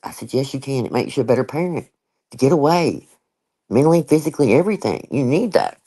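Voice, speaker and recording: A woman's voice: extremely low pitch, big pitch swings, quick pace, warm tone, husky, rough recording. An older woman, hosting a casual live chat and talking in an emphatic, chatty way with frequent asides. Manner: chatty and emphatic, laughs often, with many asides. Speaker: live-stream host.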